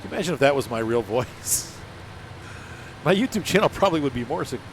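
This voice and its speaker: A gaming channel host with an allergy-stuffed nose gives casual let's-play commentary, rambling, joking and poking fun at himself. His mid-range voice is expressive and brisk, with game engine and vehicle noise behind him.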